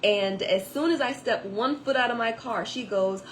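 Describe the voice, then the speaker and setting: A woman's voice: on the high side, moderate pace, a little hiss or hum, rough recording. A woman telling a personal faith testimony in a chatty way, with many fillers and asides. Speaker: author giving a testimony.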